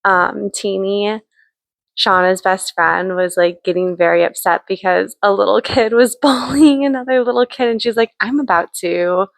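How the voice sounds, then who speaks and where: A young woman talks straight to camera in a relaxed book vlog, her voice carrying a gravelly fry at the ends of phrases. She gushes and rambles with plenty of likes and ums, and the sound is close and dry with no room around it. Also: medium pitch, normal speed, no room sound. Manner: chatty and gushing, frequent likes and ums. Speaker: book vlogger. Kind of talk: casual read-along vlog chat.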